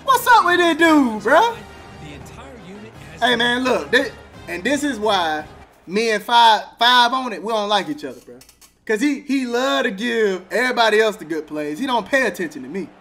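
A man's voice: high-pitched, brisk, creaky, soft background music. A man streaming a football video game, trash-talking and laughing. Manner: animated trash talk, laughing, slang. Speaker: gaming streamer. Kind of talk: casual game commentary.

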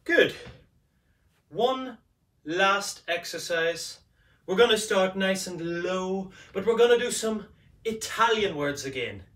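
Roomy, slow-paced man teaching singing. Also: high voice, animated, a bit bright. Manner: playful, coaxing, demonstrates by singing. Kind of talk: vocal warm-up lesson. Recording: roomy, from a distance.

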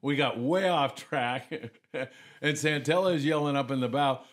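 An older man recounts old fishing misadventures in a relaxed podcast conversation. He jumps into raised, animated voices when he quotes his crewmates and the Coast Guard, then drops back to a plain, mid-pitched telling. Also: moderate pace. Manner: animated storyteller, acts out others' lines in raised voices. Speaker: podcast guest, retired commercial fisherman. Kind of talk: casual storytelling chat.

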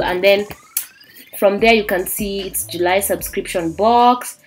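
A young woman from Kenya excitedly unboxing a beauty subscription box in a vlog, gushing and exclaiming as she goes. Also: medium pitch. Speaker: beauty vlogger. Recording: faint background music.

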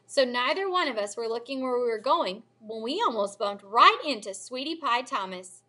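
A teacher reading a children's novel aloud with expressive storybook delivery. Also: female voice, a little high, moderate pace. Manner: expressive storybook reading, lively character voices.

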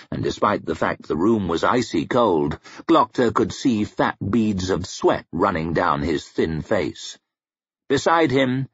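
Slow, husky male audiobook narrator. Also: lowish voice, dry recording, muffled recording. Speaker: audiobook reader.

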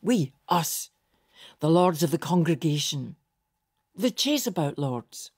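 A blunt, dismissive conspirator lord in armour, put on by a woman narrating the story, speaking slowly with a low, dark voice. His manner is flat, as though nothing is worth his worry. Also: slightly rough, no room sound, studio quality, exaggerated voice.

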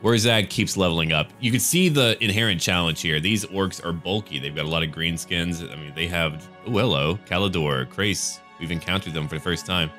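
A deep-voiced American man talking his way through a strategy game in an easygoing, joking way, cursing now and then. Faint game music plays behind his close desk-mic voice. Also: a little fast, hardly any pauses, sharp tone. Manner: laid-back, chatty, jokey, swears casually. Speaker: gaming let's-play host. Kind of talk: casual game commentary.

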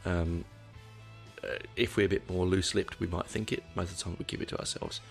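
Deep gravelly man, rambling. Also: fairly even intonation, brisk, soft background music. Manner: rambling, with frequent restarts and swearing. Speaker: podcast host. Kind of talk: casual solo podcast monologue.

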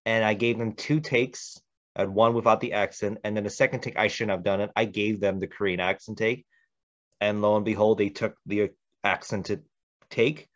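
A man who works as a voice actor, speaking on a casual panel as an animated storyteller who gives direct advice. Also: lowish voice, moderate pace. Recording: dull lo-fi audio.

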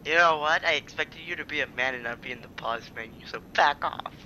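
A man playing a horror game, joking around and shouting in mock panic as he commentates. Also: fairly high pitch, fairly quick, background noise. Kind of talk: let's play commentary.

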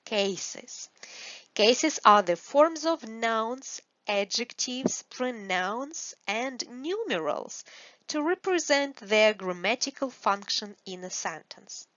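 A woman's voice: on the high side, animated, slow, fairly bright tone, dry recording. A woman teaching to beginners in English, explaining patiently and repeating the example words. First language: Russian. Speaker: language teacher. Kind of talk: slow, careful beginner lesson with spoken examples. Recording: dry, slightly dull lo-fi recording.

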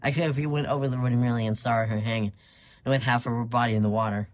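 A man's voice: mid-range voice, steady tone, fast. A man reading his own fanfiction aloud in first person, hesitant with frequent restarts. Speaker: fanfiction reader.

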